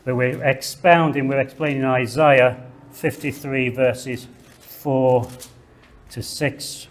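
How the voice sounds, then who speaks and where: A man giving a slow, deliberate theology lecture in a classroom, reading scripture aloud and stressing key words. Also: mid-range voice, steady tone. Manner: slow, deliberate, emphatic delivery with measured pauses.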